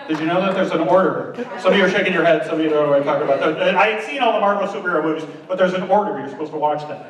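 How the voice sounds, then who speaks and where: A man doing a stand-up comedy set, chatty and animated, who keeps asking the audience questions. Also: on the high side, very fast, crowd noise. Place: large room on stage before an audience. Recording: roomy hall, distant mic, audience.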